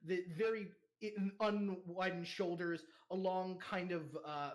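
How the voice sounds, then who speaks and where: A man's voice: high voice, steady tone, a little slow. A young man narrating as game master, rambling with fillers and laughter.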